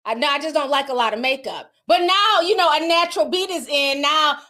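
A woman's voice: high voice, expressive, brisk, few pauses, pushed and bright. A woman commentator in casual chat, talking bluntly and with animation, swearing freely.

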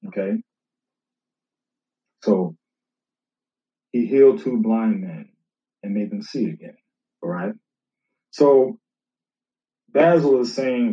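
This minister's voice is fairly low, with lively intonation, a slow pace and frequent pauses. Conversational and repetitive, he reads scripture aloud, casually rebuts his critics and addresses his opponent head-on. The recording comes across as distant and roomy, dull and lo-fi.

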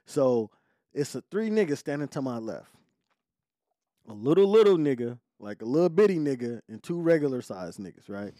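A man, hosting a podcast, telling a story in a casual, animated, profane way full of slang. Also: mid-range voice, moderate pace, no echo, clean studio sound. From Detroit. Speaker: podcast host.

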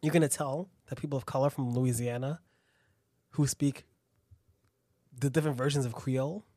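A man's voice: medium pitch, fairly even intonation, moderate pace, warm tone, no room sound, studio quality. A man hosting a casual chat who rambles, swears a lot and laughs easily.

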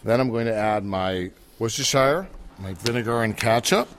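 Male chef, low register, eager cooking-demo talker. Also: normal speed, slight background noise. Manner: enthusiastic, repeats words when starting. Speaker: chef and cookbook author. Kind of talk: cooking demonstration on radio.

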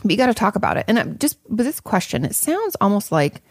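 A woman's voice: medium pitch, sing-song, fast talker, slightly rough, no echo, studio quality. A woman therapist talking casually to her audience, reassuring and chatty, with many fillers and restarts. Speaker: therapist answering audience questions. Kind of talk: casual advice talk.

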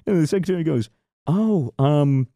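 A man's voice: fairly high pitch, animated, moderate pace, warm tone, no room sound, clean studio sound. A man from the United States co-hosting a podcast, telling stories in casual chat with lots of swearing and acted-out quotes. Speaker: podcast co-host.

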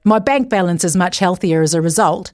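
A woman talking casually about motor racing, chatty and animated, jumping between asides. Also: lowish voice, fairly quick, no echo, clean studio sound. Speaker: guest commentator.

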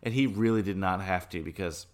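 A man with a notably low voice talks through a film on a podcast. He is relaxed and analytical, with frequent chuckles. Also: a little fast. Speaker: podcast co-host. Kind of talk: casual film discussion.

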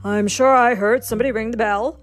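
A woman's voice: fairly high pitch, steady tone, a little fast, faint music behind, close to an everyday voice. A woman voicing a helpful, well-connected grown man in a storybook, speaking in a hearty, emphatic way.

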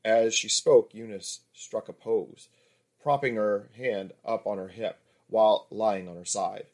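Calm man narrating an erotic story. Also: lowish voice, unhurried.

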